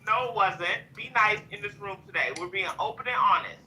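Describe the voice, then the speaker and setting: A woman's voice: medium pitch, brisk, sharp tone, poor audio. A woman arguing in a heated online audio-room chat, pushing everyone to be open and honest. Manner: argumentative, insists on being open and honest.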